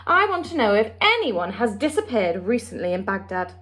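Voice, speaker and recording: A woman reading the part of a brisk, commanding queen, speaking in a regal, clipped way. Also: mid-range voice, very animated, a bit bright.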